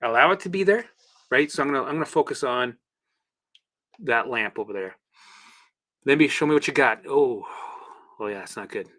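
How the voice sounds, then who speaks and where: A man hosting a casual livestream, coaching viewers through exercises in an animated, chatty way with the odd swear word. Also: medium pitch, moderate pace, pauses often. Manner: guides listeners through exercises. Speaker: host and recovery coach.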